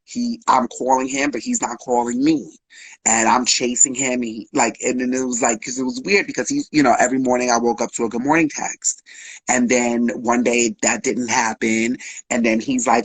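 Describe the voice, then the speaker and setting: Husky man telling a candid story. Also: medium pitch, little pitch movement, normal speed, no room sound, low-quality recording. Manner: frank, emotional, uses slang and swearing. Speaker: guest.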